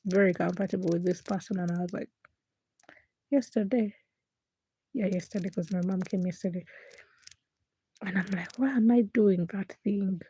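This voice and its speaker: A woman's voice: mid-range voice, moderate pace, long pauses, mellow, husky. A young woman vlogger chatting casually to camera late at night, rambling and correcting herself as she confides. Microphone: camera-facing setup.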